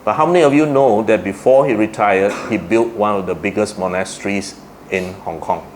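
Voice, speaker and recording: A man's voice: on the low side, a little fast, noisy background. A man with a Malaysian English accent giving a Buddhist Dhamma talk to a congregation, putting questions to the audience and answering them himself. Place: Buddhist society hall.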